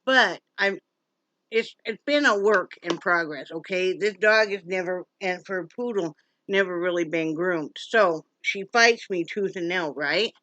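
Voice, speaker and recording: Her voice is on the low side, unhurried, bright, and forceful, captured lo-fi with no room sound. This chatty Wyoming vlogger and pet rescuer alternates folksy remarks to her audience with sing-song, coaxing baby talk to her dog in a casual home vlog.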